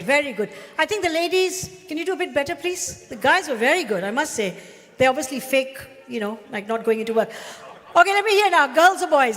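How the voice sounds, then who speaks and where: A woman's voice: high voice, very animated, a little fast. A woman leading a live audience at a devotional celebration, talking in a playful, coaxing, teacherly way. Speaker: song leader at a devotional celebration. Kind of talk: lively talk leading children and audience. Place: large event hall, live audience. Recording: long hall reverb with faint music.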